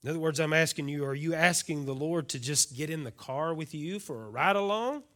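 A man preaches in a folksy, questioning way. His voice sits a bit high and rings bright and forceful. He swings from loud declarations down to near-whispered lines. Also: brisk. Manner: folksy, asks the congregation questions. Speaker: pastor. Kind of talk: sermon.

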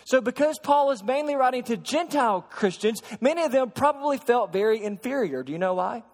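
A man preaching a sermon to a congregation, shifting from soft explaining to loud, emphatic preaching and asking them questions. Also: very high voice, expressive, fairly quick. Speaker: pastor. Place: church sanctuary. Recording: long hall reverb.

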